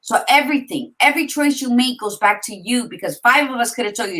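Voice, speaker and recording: A woman's voice: fairly high pitch, expressive, fast talker, pushed and bright, poor audio. A woman co-hosting a talk podcast, casual and encouraging, speaking straight to the listener. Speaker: podcast co-host. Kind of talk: casual chat.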